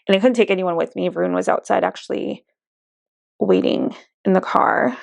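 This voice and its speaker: A young woman talks to her camera while doing her makeup, in a casual get-ready-with-me chat. Her voice sits in a middle pitch with a strong gravelly fry, and she confides in her viewers with plenty of "like" and "you know.". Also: fairly even intonation, fairly quick, no echo, studio quality. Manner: chatty, confiding, many fillers like "you know" and "like". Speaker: beauty vlogger.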